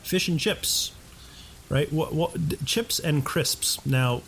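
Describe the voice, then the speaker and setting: A man's voice: fairly high pitch, slow, vocal fry, fairly bright tone, faint music behind. Chatty man thinking aloud over gameplay. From North America. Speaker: let's play host. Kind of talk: casual gameplay commentary.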